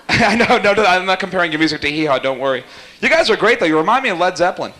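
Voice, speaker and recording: A man warming up a live talk show audience, teasing guests and cracking quick jokes. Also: sits high, lively intonation. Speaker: talk show warm-up host. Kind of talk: jokey stage banter with audience.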